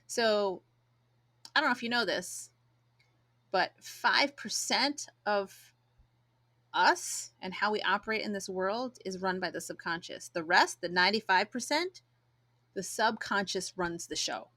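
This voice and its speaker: A woman's voice: mid-range voice, bright, forceful tone. A woman in her forties hosting a solo podcast, talking casually and reflectively and acting out quoted voices. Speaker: podcast host.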